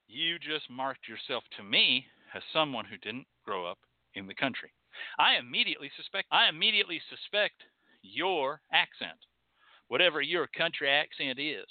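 A man's voice: a little high, sing-song, moderate pace, no room sound. A man with a Texan accent hosting a show, delivering a profane, sarcastic, mocking rant. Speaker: host. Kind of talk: ranting monologue. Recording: dry, phone-like line.

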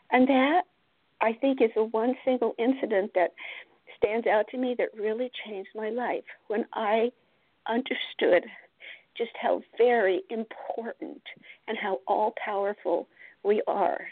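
Woman, earnest storyteller, fairly high voice, tinny phone-like sound, dry close audio. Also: steady tone, unhurried, no room sound. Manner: earnest, heartfelt storyteller with light laughs. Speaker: guest author. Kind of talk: storytelling interview.

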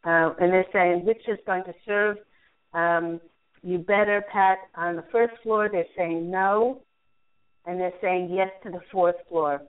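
A woman's voice: fairly low pitch, fairly even intonation, a little slow. Woman hosting a call-in reading, phone-line sound. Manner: repeats messages she says she hears, gentle reassuring advice. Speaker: radio show host and angel reader.

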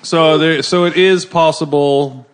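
A man's voice: on the high side, fairly even intonation, unhurried, clean tone. A man hosting a food podcast in casual chat, joking and teasing his co-host and guest, laughing often, recorded indoors at a house.

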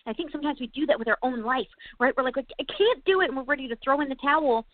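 A woman's voice: sits high, fairly even intonation, racing, dry recording, phone-quality sound. A woman co-hosting a casual faith podcast, talking earnestly and encouragingly to her friend. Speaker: co-host.

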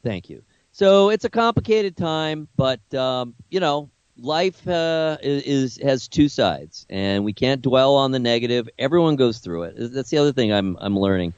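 A man's voice: medium pitch, lively intonation, moderate pace, clear, resonant tone, no echo, dull audio. An older man, a grandfather, co-hosting a radio talk show, speaking earnestly and reflectively about a family loss. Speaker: co-host.

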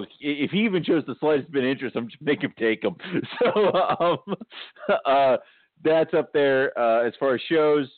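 A man hosting a podcast in casual chat, joking, laughing loudly and swearing offhand. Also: mid-range voice, dry recording. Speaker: podcast host. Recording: tinny phone-like sound, dry.

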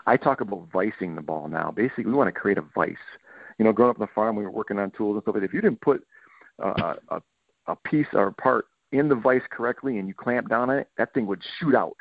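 A man's voice: on the low side, quick pace, creaky, breathy edge, dry recording. A middle-aged man from Michigan, a football coach, giving a podcast interview and telling stories animatedly, acting out what players said. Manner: animated storytelling, acts out players' quotes. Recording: tinny phone-like line, dry.

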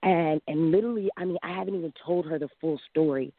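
A woman in her thirties calling in, telling a long personal story in a lively way, acting out quotes and laughing often. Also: sits low, fast. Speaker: caller. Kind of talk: casual storytelling. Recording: dry tinny phone line.

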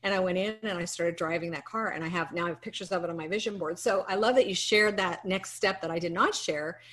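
A woman's voice: fairly low pitch, fast, fairly bright tone. A woman guest and mindset coach speaking in an earnest, emotional, uplifting way about hope and self-worth. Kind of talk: heartfelt inspirational talk.

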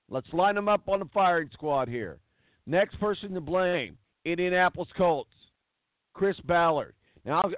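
A man's voice: on the high side, dry recording. A man hosting a sports talk show, ranting bluntly and hammering words for emphasis. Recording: tinny phone-like dry sound.

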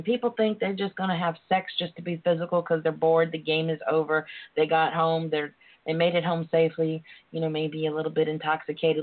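Deep-voiced and a little fast, this woman keeps her intonation fairly even. She's appearing as a guest author and sex educator on a call-in interview show, talking earnestly and emotionally and addressing listeners as darlings. The phone line sounds tinny.

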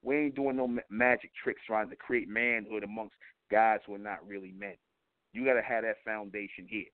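A man's voice: lowish voice, steady tone, moderate pace, dry recording. Preachy man lecturing on tinny phone line. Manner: preachy and repetitive, keeps asking "you see?"; blunt and profane. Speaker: internet radio talk show host. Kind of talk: lecturing radio monologue.

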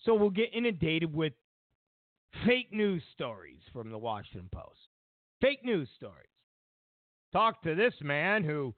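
A man with a fairly high, very animated voice hosts a talk radio show, ranting and mocking through a monologue at a measured pace with frequent pauses. He acts out both sides of conversations. The recording is dry, with a tinny, phone-like radio sound.

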